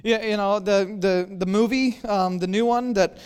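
A man preaching a sermon as a pastor, telling stories with animated acted-out dialogue and self-deprecating humor. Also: high voice, normal speed, clean tone. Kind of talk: storytelling sermon. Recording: long hall reverb.

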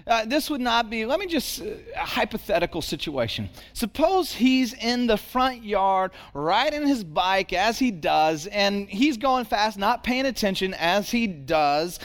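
A man in his thirties preaching a sermon, telling family stories with emphatic repetition and dramatic pauses. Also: high voice, in a large hall. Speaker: pastor.

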